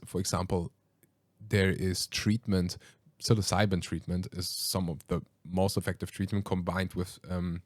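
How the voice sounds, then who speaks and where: Man, podcast host, low voice, dry close sound, animated chatty storytelling. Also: dry recording. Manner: animated, laughing storyteller with many fillers. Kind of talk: casual storytelling conversation.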